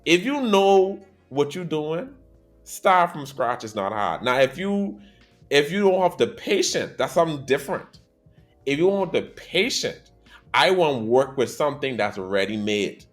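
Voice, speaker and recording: Male podcast host, lively up-and-down delivery, casual anime chat, faint music underneath. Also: a little high, unhurried. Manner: animated storyteller, swings between loud and quiet.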